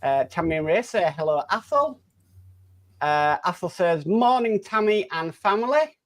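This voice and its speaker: A man's voice: high-pitched, animated, normal speed. A man hosting a casual live stream, reading out viewer comments in a friendly, chatty way with plenty of filler words.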